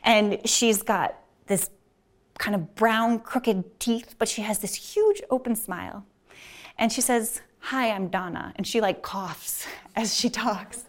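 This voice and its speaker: A woman's voice: fairly high pitch, animated, slow pace. A woman physician telling a personal story on stage, casual and chatty, with many fillers and frequent laughs.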